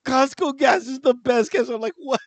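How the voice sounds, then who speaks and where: A man co-hosting a podcast in casual chat, often laughing and acting out lively quotes as he tells stories. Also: extremely high pitch, normal speed, no echo. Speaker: podcast co-host.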